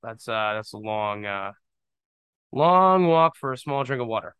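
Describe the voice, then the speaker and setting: A man's voice: medium pitch, expressive, unhurried, fairly bright tone, clean tone, dry recording. A young man hosting his own podcast, rambling casually with jokes and lots of fillers. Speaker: podcast host. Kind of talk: casual solo podcast monologue.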